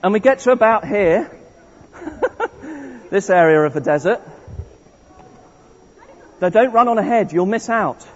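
A man with a high, animated voice speaks at a measured pace, pausing often, as he leads an interactive all-age service in a large church hall. He walks the congregation through a story, playful and encouraging, restarting frequently. The audio is a dull, echoey recording made from afar.

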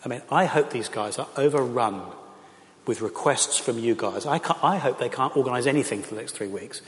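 A man's voice: medium pitch, brisk. A middle-aged man, a pastor, speaking earnestly and with passion to a church audience, with frequent fillers. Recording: echoey hall.

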